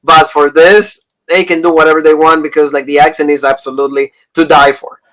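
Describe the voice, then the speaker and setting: A man's voice: on the high side, level tone, brisk, a bit bright, rough recording. A man co-hosting a wrestling review podcast, talking in an enthusiastic, rambling casual chat. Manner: enthusiastic, rambling fan talk.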